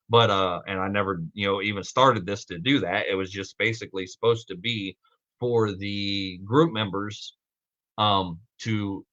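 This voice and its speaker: A man hosting a live-streamed podcast, rambling excitedly and swearing constantly. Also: medium pitch, lo-fi sound. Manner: rambling, heavily profane, excitable. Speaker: podcast host.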